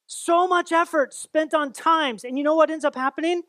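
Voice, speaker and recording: Male pastor, high voice, relaxed conversational sermon, mimics voices for effect, dry close recording. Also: moderate pace, no echo. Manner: casual, conversational preaching with playful asides; acts out quoted voices with exaggerated tones.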